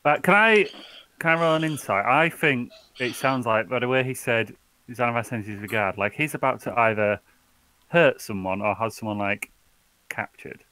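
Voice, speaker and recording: A man's voice: medium pitch, animated, normal speed, bright, forceful tone, clean tone, no room sound. A man playing a tabletop game in casual chat, eager and pushing the group on. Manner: eager, pushes the group on, laughs often. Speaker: player.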